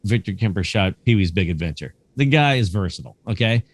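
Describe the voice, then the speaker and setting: A man in middle age tells his stories in a casual, animated way, slipping into the voices of the people in them. His voice sits on the low side. The sound is dry and close, with no room echo. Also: fast talker. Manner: lively anecdotes, acting out quoted dialogue, casual swearing. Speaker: guest, camera museum curator. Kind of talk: conversational storytelling.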